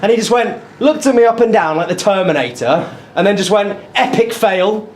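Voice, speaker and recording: Performing stand-up, this British man tells stories and chats with the crowd, his delivery lively and excitable. He speaks a little fast in a high-pitched voice, and the live set carries clear background noise.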